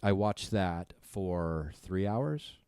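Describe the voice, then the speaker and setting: Male guest, low voice, profane storyteller, dry mic. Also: animated, very slow, darkish tone, smooth, no room sound. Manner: profane, breathless retelling. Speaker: podcast guest. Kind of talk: storytelling on a comedy podcast.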